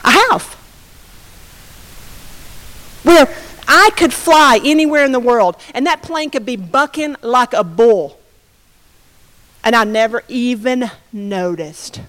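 Preaching woman, high voice, lively storytelling in a sermon, long reverb of a hall. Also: measured pace. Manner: animated storytelling, acts out quotes. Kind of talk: sermon testimony.

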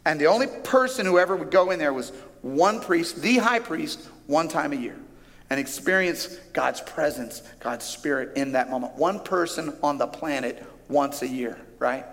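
A male pastor delivers a sermon with an animated, emphatic style, slowing down and lifting his voice for key lines. His voice sits a little high. A long reverb trails behind his voice in a large auditorium. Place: large church auditorium with a stage.

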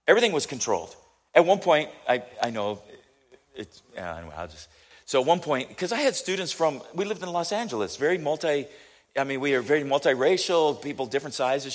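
An American man telling a story in a sermon, chatty and animated, often asking his listeners questions. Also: medium pitch. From United States.

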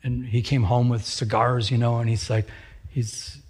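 A pastor preaches a sermon, telling stories animatedly and repeating phrases for emphasis. His medium-pitched voice is husky and moves at a normal speed.

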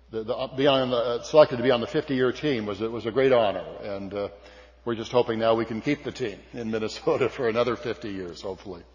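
Speaking to a crowd, an older man from California delivers a homespun story that pokes fun at himself, often stumbling into fillers and starting over. His low, somewhat dark voice comes through dull audio with a lengthy hall echo.

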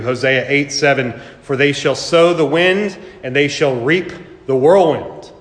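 A middle-aged man preaches a sermon in a reverberant church sanctuary, his voice sitting a little high for a man. He leans into earnest emphasis, rising and falling as he presses his points. The long echo of the hall trails after his words. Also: fairly bright tone. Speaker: pastor.

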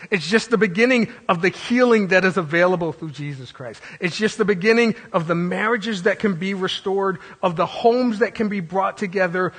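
Husky-voiced preacher man, high pitched. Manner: preaching with dramatic proclamations and sudden quiet drops. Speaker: pastor. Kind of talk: sermon.

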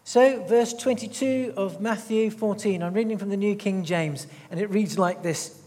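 A man preaching a sermon, reading scripture aloud and slowing down to stress key words. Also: high-pitched, darkish tone, long reverb tail. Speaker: pastor. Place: church hall.

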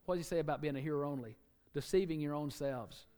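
A man preaching a sermon, animated, acting out quotes and joking with the congregation. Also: fairly high pitch, quick pace, clean tone, in a large hall.

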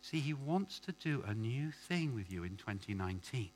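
A male pastor preaching a sermon, swinging from quiet asides to loud, emphatic lines and calling out questions to the congregation. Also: mid-range voice, sing-song, moderate pace, slight background noise. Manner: calls out questions for the congregation to answer.

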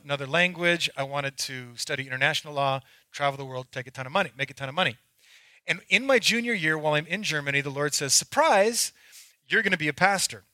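A male pastor preaches with a ringing, high voice and pokes fun at himself as he tells his stories. His sound is close and dry, with no room around it. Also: bright, forceful tone, no echo. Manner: candid, self-mocking storytelling. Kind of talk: sermon.

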